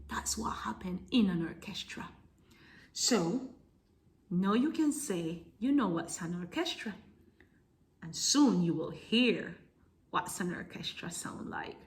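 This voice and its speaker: Slow, gentle preschool music teacher woman. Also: fairly high pitch. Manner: slow, gentle and expressive, with hushed asides. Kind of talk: reading a picture book to young children. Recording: faint music playing behind.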